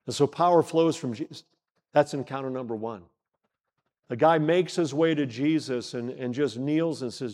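A middle-aged man preaching a sermon, asking the congregation questions, pausing for effect and acting out short exchanges in the story. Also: mid-range voice, a little mellow. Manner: preaching with rhetorical questions, dramatic pauses and retold dialogue. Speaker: pastor. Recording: long hall reverb.

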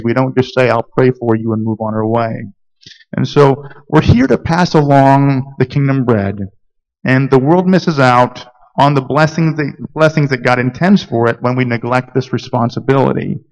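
A pastor from Georgia preaching a sermon, telling stories earnestly with frequent fillers and restarts. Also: male voice, mid-range voice, poor audio.

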